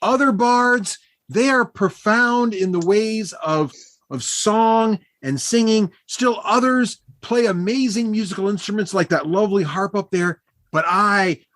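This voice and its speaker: A man's voice: high-pitched, a bit bright, dry recording, voice pushed up. A man voicing a flamboyant, self-important halfling bard with a grand, theatrical manner.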